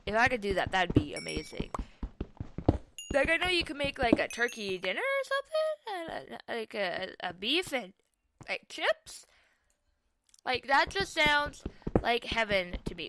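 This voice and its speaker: A woman's voice: on the high side, sing-song, unhurried, long pauses, noisy background. A young woman casually commenting on her own survival gameplay, chatty and self-mocking, often exclaiming at what happens. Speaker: gaming YouTuber.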